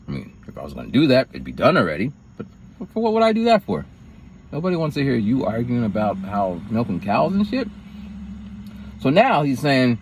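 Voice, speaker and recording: A man with a fairly low voice rambles through a personal tale on his vlog, over a faint hiss or hum. He's energetic, throwing his voice high and loud whenever he quotes someone else.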